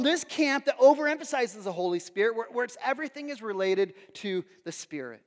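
High-voiced pastor in an echoing hall. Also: male voice, brisk, hardly any pauses. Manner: animated storytelling with acted quotes. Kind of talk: sermon. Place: church hall. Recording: long hall reverb.

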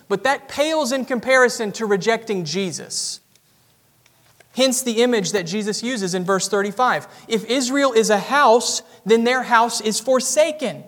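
A man's voice: high voice, fairly bright tone. A man with a Southern US accent, a pastor preaching an earnest expository sermon in a church sanctuary. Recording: reverberant church hall.

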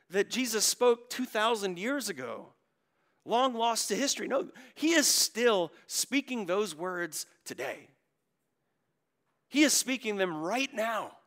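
A man preaching a sermon, moving from quiet storytelling to loud, drawn-out emphasis. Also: high-pitched. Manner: swings from hushed to loud, stretching key words. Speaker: pastor.

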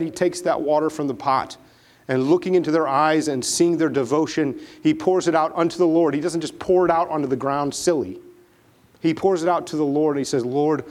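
High-pitched male preacher, animated storyteller; good for a sermon read. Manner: animated, dramatic retelling with acted voices.

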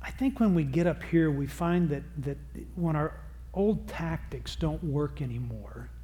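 Middle-aged guy giving a seminar talk, kinda high voice, jokey and loose, plays out little quotes. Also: animated, unhurried, mellow. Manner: conversational, self-deprecating, acts out quotes. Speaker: seminar speaker on parenting. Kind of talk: live seminar talk to an audience. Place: church or seminar hall with audience.

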